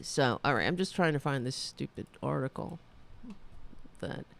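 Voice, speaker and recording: Ranting woman with a lively voice. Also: rumbling low, normal speed, vocal fry. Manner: rambling, indignant ranting. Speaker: podcast host. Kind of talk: solo political commentary.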